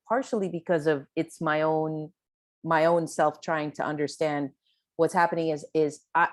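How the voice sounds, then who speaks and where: Low-voiced woman panelist, chatty. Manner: conversational, with restarts and light laughs; questioning, says "right?" often. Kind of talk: panel discussion.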